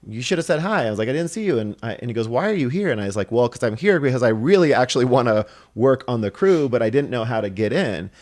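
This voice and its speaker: A man guesting on a podcast, telling stories casually, acting out quoted dialogue and laughing as he goes. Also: fairly low pitch. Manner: animated, acts out quoted dialogue; laughs through his stories. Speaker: podcast guest, film director and assistant director. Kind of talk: casual storytelling.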